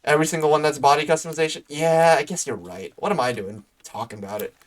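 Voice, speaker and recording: A man's voice: fairly high pitch, fast. A man streaming a game live, making joking self-deprecating asides between dialogue.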